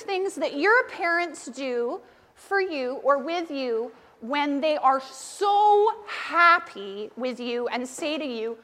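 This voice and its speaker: High-voiced woman giving a children's sermon. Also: measured pace, big-room sound. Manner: lively, questioning, encouraging. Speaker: pastor leading a children's talk. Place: church.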